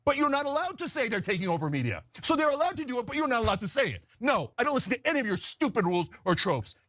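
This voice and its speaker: A man's voice: very high-pitched, very animated, racing, bright, forceful tone, dry recording. A man in a recorded clip giving a heated, sarcastic, combative rant.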